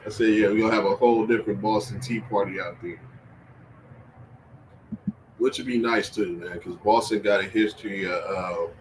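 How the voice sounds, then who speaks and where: A man hosting a casual sports-talk livestream, animated and slangy, laughing and trash-talking as he reacts to chat. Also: fairly low pitch, moderate pace, pauses often, background noise. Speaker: livestream host.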